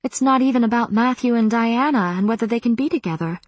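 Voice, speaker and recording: A woman voicing an anxious older witch who strains to stay calm. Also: a little high, fast, dry recording, voice pushed up, natural voice. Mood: urgent.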